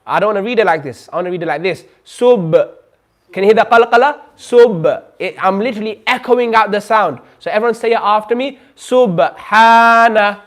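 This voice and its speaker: A man teaching a Quran recitation class, patiently drawing out sounds slowly for students to repeat. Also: sits high, fairly bright tone. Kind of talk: classroom lesson. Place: community centre classroom.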